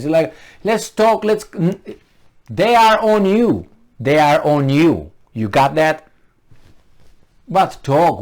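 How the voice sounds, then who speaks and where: A man's voice: a little high, darkish tone. A man hosting a solo commentary vlog, talking emphatically with rhetorical questions and frequent restarts. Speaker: channel host.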